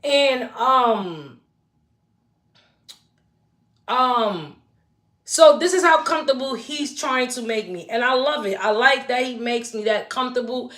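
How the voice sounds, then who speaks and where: A woman's voice: a little high, animated, slow, pauses often, fairly bright tone. A woman in her forties, hosting a casual livestream chat, talking straight to her viewers in a chatty, emphatic way. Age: 40s. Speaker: livestream host.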